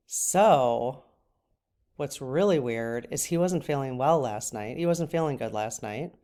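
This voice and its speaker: Middle-aged woman, low voice, casual tearful vlog chat. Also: animated, measured pace, warm tone. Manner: tearful, breaks off to cry. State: crying at times. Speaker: channel host.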